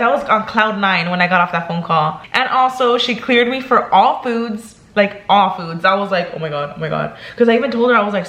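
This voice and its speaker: A woman's voice: mid-range voice, fairly bright tone, roomy sound. A young woman vlogging in casual chat, talking chattily and emotionally, filling her talk with "like" and "girl".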